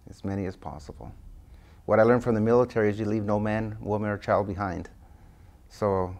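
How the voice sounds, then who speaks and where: A man's voice: on the low side, flat delivery, fairly quick, a little mellow. A man being interviewed as an author, telling stories animatedly and acting out the dialogue he quotes. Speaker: guest author. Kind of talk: interview storytelling.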